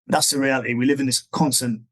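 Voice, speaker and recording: A middle-aged man being interviewed, talking in a loose, meandering way as he explains his ideas. His voice sits at an ordinary middle pitch, and he keeps an easygoing, conversational tone throughout. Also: steady tone, fast talker, fairly bright tone, rough recording. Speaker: guest, dog trainer.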